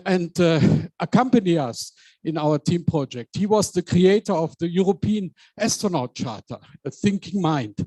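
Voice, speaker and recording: A man chairing a team project, giving a measured, reflective speech with hesitant fillers. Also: sits high, mellow, dry recording.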